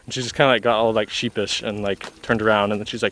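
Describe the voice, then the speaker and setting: A man's voice: fairly low pitch, flat delivery, very fast, fairly bright tone. A young man, a travel vlogger, telling a story in a casual, laid-back way, full of "like" and acted-out quotes.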